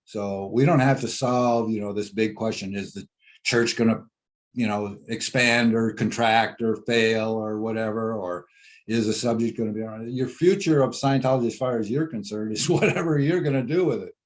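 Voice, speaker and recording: A man hosting an interview podcast, talking in a relaxed way, laughing easily and using many fillers. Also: lowish voice, normal speed. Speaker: podcast host. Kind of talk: casual interview.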